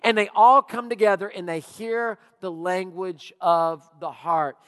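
A male pastor preaching a sermon, telling stories with animated, drawn-out emphasis. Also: sits high, clear, resonant tone. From Louisiana. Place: church auditorium. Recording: long reverb of a church hall.

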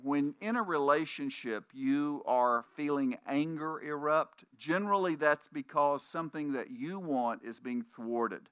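A man's voice: fairly high pitch, unhurried, hardly any pauses, fairly bright tone, smooth, no echo, studio quality. A man preaching a conversational sermon, telling anecdotes and acting out the voices of people in his stories. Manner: puts on voices when quoting people in stories. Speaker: pastor.

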